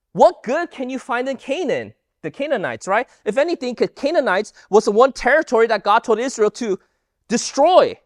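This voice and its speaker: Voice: medium pitch, dry recording, studio quality. A Bible teacher giving an emphatic lesson and firing rhetorical questions at the audience. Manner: animated, emphatic delivery.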